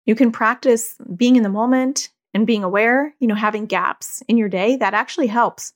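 A woman's voice: fairly high pitch, moderate pace. A woman, a parent who hosts a podcast, talking candidly in a loose, conversational way and often saying "like". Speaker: podcast host. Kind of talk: casual reflective parenting talk.

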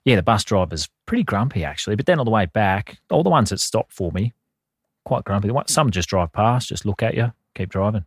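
A man's voice: on the low side, animated, a little fast, husky, no room sound, clean studio sound. A man in his thirties, co-hosting a casual podcast, with laid-back, wry banter and short interjections. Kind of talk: casual chat.

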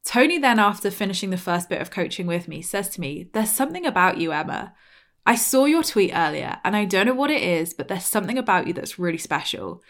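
A woman's voice: mid-range voice, big pitch swings, brisk, fairly bright tone. A British woman in her thirties, hosting a podcast and telling a personal story in a chatty, casual way, full of "like" and acted-out quotes. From Britain. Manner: chatty, lots of "like", acts out quoted lines. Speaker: podcast host.

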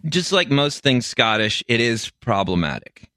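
Joking podcast co-host man, very animated pitch, bright tone, dry sound. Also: unhurried, no room sound. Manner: goofy, laughs a lot, throws out wild jokes. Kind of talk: comedic podcast banter.

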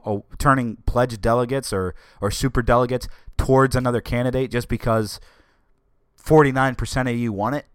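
A man's voice: mid-range voice, expressive, fairly quick, a bit bright, no echo, studio quality. A man giving a casual political rant, sarcastic and full of fillers and restarts. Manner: sarcastic, ranting, with many fillers. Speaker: political commentator.

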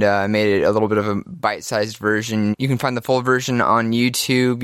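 Smooth low-voiced male podcast host. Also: a bit bright, no echo, studio quality. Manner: easygoing, with fillers. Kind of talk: casual introduction.

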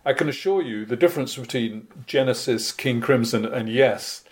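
A man's voice: mid-range voice, moderate pace. A man from Britain, a guest musician in a casual interview, telling anecdotes in a wry, self-deprecating way.

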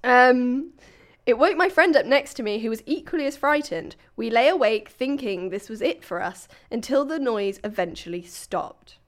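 Young woman, bit high voice, giggly, reading a story out on a chatty podcast. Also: animated, normal speed. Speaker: podcast co-host. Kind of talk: casual chat, reading a listener's story aloud.

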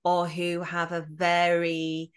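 A woman hosting a podcast interview, summing up her guest's story in a measured, reflective way. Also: on the low side, monotone, clear, resonant tone. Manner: measured, thoughtful summarizing. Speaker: podcast host.

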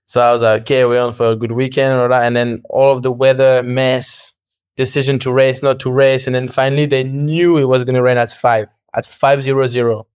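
Young male guest, lively storyteller, acts out dialogue, smooth clear voice, mid pitch. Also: fairly quick, no room sound, clean studio sound. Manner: animated, acts out quoted dialogue, laughs often, swears. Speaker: podcast guest. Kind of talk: casual storytelling.

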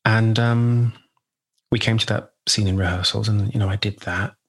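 Husky, low-voiced actor recalling rehearsals. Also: male voice, steady tone. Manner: halting, reflective, acts out quotes. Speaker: guest actor. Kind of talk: conversational interview storytelling.

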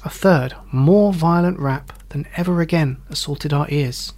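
A man narrating a story in an audiobook, reading in a measured, wry way. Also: fairly high pitch, a little mellow. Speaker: reader.

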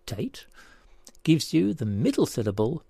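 Guy reading out a syllable puzzle, husky gravelly voice, dry close sound. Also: medium pitch, sing-song, a little mellow, no echo. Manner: deliberate, spells out each step. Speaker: puzzle presenter. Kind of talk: scripted word puzzle presentation.

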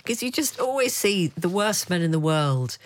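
A woman's voice: fairly low pitch, big pitch swings, normal speed, no echo. A woman co-hosting a podcast in casual chat, wry and chatty, with many small asides. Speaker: podcast co-host.

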